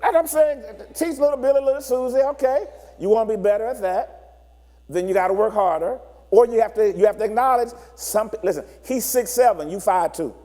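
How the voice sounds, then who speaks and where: A man's voice: high-pitched, fairly quick, long reverb tail. A man preaching a sermon, acting out children and couples as he explains. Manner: animated preacher acting out voices of children and partners. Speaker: pastor.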